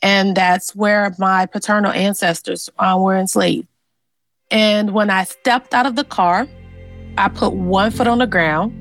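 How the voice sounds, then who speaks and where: A woman speaks in an earnest, animated way as she recounts her family's past for an interview. Her voice sits at an everyday middle pitch, and the sound is close and dry. Light music plays faintly behind her. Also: measured pace, no echo, rough recording. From Louisiana. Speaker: interviewee, genealogist. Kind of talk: personal storytelling.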